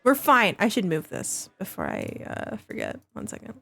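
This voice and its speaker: A woman's voice: medium pitch, normal speed, gravelly. A woman streaming a game live, chatting casually with her viewers and laughing often. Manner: giggly, excitable, laughs often.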